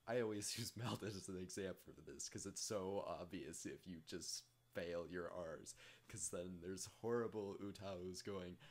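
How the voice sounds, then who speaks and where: A man casually rambling through a software tutorial, self-deprecating and full of jokey asides. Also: sits low, a little slow, few pauses. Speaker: tutorial host.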